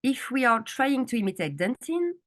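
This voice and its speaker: A woman's voice: fairly high pitch, very animated, normal speed. A woman dentist giving a conference lecture to colleagues, speaking carefully in a language that is not her first and asking the audience questions. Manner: speaks a second language with slight slips.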